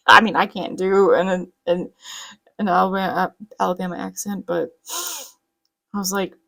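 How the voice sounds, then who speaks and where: A woman's voice: medium pitch, steady tone, normal speed, creaky, a bit bright, rough recording. A woman with a light Southern US accent, rambling in a chatty, casual way while she works on a planner. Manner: rambling, chatty, lots of fillers. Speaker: planner vlogger.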